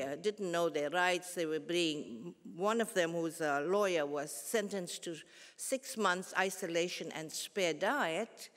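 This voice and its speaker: A woman, giving a formal public lecture in a measured, earnest way with pauses and restarts. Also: lowish voice. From South Africa. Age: 70s. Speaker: guest lecturer. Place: large concert hall. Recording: long hall reverb.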